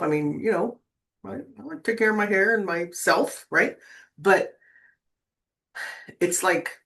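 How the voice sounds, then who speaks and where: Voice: mid-range voice, fairly bright tone. A person in their sixties hosting a tarot channel, chatting casually and rambling with lots of fillers and restarts, and often checking in with "right?". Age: 60s. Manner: rambling, keeps asking "right?". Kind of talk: casual spiritual talk to viewers.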